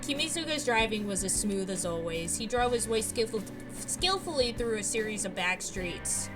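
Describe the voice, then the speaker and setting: A young woman hosting a let's play, reading a visual novel aloud with animated, excitable asides, over clear game music. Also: mid-range voice, moderate pace. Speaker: let's play host and narrator.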